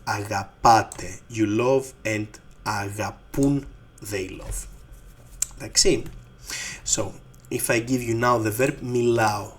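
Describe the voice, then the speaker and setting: A man with a Greek accent teaching a language lesson, repeating each word slowly and patiently. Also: medium pitch, fairly even intonation.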